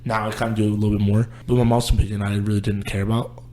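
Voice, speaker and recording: A man's voice: on the low side, level tone, rapid-fire, dark tone. A young man, a guest on a casual podcast, telling his life story in a candid, rambling way. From Houston, Texas. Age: young adult.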